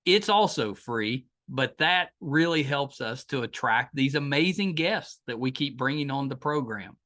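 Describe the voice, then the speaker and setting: A man's voice: medium pitch, animated, a little slow, bright, forceful tone. A middle-aged man with a West Virginia accent hosting a podcast interview, enthusiastic, with frequent restarts. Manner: enthusiastic, repeats and restarts often. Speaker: podcast host. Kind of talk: casual interview chat.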